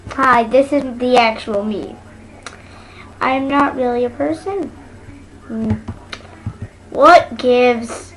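A woman's voice: fairly high pitch, slow, pauses often, fairly bright tone, poor audio. A woman making a goofy, playful home video, talking in a sing-song way with noise and clicks behind her. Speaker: vlogger. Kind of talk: silly home video chat. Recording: clear background noise with clicks.

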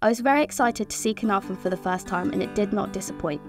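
Teenage girl, vlog voice-over, scripted narration, upbeat, even middle pitch. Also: fast talker, faint music behind. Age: teens. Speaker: vlogger.

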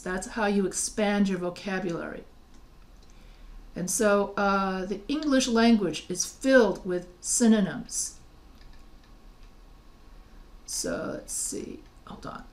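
A woman's voice: mid-range voice, a little slow, darkish tone. A woman teaching writing, explaining spelling rules patiently, often restarting and spelling words out letter by letter. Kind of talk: recorded lecture over slides.

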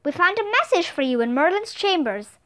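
A woman's voice: extremely high pitch, very animated, a little fast, fairly bright tone, full character voice. A woman reading aloud and voicing a cheerful young boy sorcerer in a storybook, who speaks in a formal, old-fashioned way.

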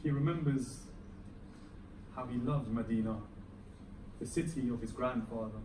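A man's voice: medium pitch, unhurried, background noise. Guy preaching a muharram lecture, dramatic storytelling, mic far away, echoey hall. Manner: dramatic, rising and falling intensity. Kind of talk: emotional sermon storytelling. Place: mosque hall. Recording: echoey hall, recorded from far off, faint ambience.

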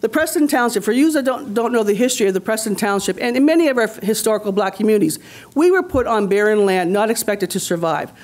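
A woman's voice: mid-range voice, animated, quick pace, darkish tone. A woman from Nova Scotia, a community leader speaking on a conference panel in a rousing, rhetorical way, repeating phrases for emphasis. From Nova Scotia, Canada. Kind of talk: impassioned panel talk.

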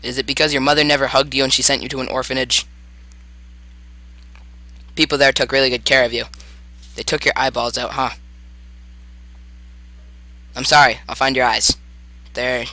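A man's voice: medium pitch, flat delivery, normal speed, pauses often, bright, forceful tone, no echo. A man giving jokey let's play commentary and talking to the game. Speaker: gamer.

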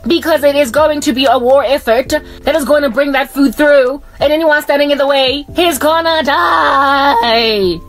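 A woman's voice: high-pitched, steady tone, fairly quick, few pauses, faint music behind. A woman preaching a scolding video sermon in a fiery, sarcastic way.

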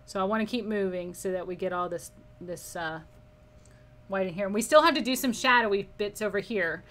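In a brisk, mid-range, slightly bright voice, a woman teaches painting live while chatting casually. She reads comments from viewers out loud and laughs frequently.

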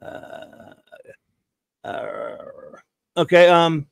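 A man's voice: a little high, lively intonation, drawn-out words, vocal fry, no room sound. A man hosting a live stream, rambling and joking as he greets viewers in the chat. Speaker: podcast host.

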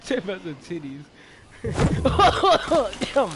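A man streaming a shooter match, chatting excitably with a friend and exclaiming at the game. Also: high voice, normal speed, slight background noise. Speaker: gamer streaming his match. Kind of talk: casual gaming banter. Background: game music.

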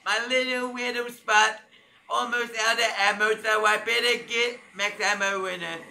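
A man giving loud, mocking gameplay commentary full of swearing and trash talk. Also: sits high, fairly even intonation, normal speed, gravelly, a little hiss or hum, rough recording. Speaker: gamer.

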